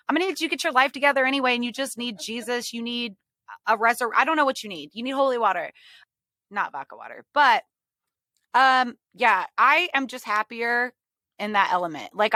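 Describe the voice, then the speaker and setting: A woman hosting a podcast in casual chat, animated and joking, swearing now and then. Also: on the high side, dry recording. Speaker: podcast host.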